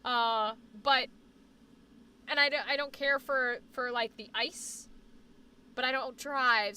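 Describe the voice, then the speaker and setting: A young woman from New England, with a faint Boston accent, hosting a casual livestream chat about where she likes to live. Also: high-pitched. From New England (born in Boston, raised on the New Hampshire border). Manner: chatty and animated, fast bursts, trails off into fillers. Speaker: livestream host. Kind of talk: casual chat reading viewer comments.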